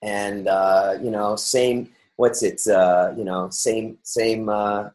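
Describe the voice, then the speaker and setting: Speaking slowly in a fairly low, darkish voice with fairly even intonation, a middle-aged New York man hosts a podcast. His casual interview chat is upbeat and rambling, packed with fillers and restarts. The audio is poor.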